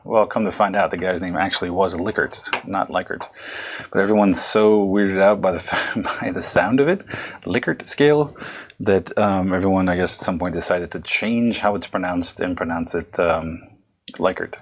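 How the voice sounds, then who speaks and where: A man's voice: low-pitched, steady tone, fairly quick, hardly any pauses. A man giving a recorded psychology lecture, talking in a loose, conversational way with frequent restarts and self-corrections.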